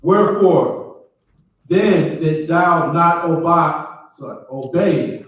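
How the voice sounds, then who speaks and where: A man in a class reading scripture aloud, slowly and carefully, in a formal manner. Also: on the high side. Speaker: student reader. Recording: distant voice in a very echoey room.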